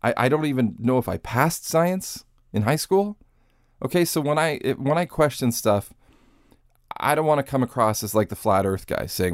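A man's voice: medium pitch, animated, normal speed, no echo, clean studio sound. A man hosting a podcast in casual commentary style. He sounds sarcastic and incredulous, and he swears freely. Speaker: podcast host.

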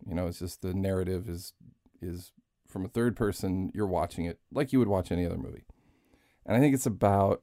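A man's voice: deep voice, warm tone, no echo, clean studio sound. A man hosting a podcast in a casual monologue, rambling and chatty, swearing now and then and poking fun at himself. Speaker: podcast host.

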